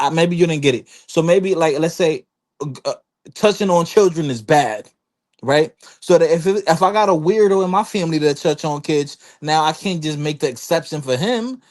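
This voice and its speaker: Man rambling on a podcast, kinda high voice, lots of quick asides. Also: darkish tone. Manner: rambling storyteller, slips into quoted voices. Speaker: podcast panelist. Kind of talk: casual chat.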